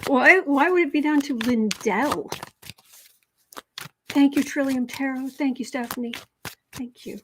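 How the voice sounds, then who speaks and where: A woman's voice: high-pitched, measured pace, long pauses, slight background noise. Chatty woman livestreaming a tarot reading. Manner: chatty, reads viewer comments aloud, many fillers and restarts; emphatic repetition. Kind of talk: live political tarot reading, chatting with viewers.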